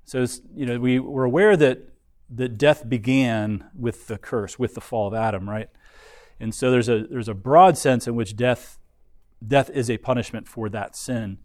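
A man gives a Bible lesson at a middle pitch, explaining step by step and often restarting his phrases. The sound is dry and close, with no room echo. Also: steady tone, normal speed. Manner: explanatory, frequent restarts and fillers. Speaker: Bible teacher.

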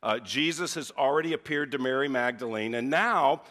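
A man delivers a conversational sermon as a visiting preacher. His voice is bright and forceful. He tells stories in an animated way, without sounding like a formal lecture. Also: mid-range voice, normal speed. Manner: animated storytelling with lively acted-out quotes.

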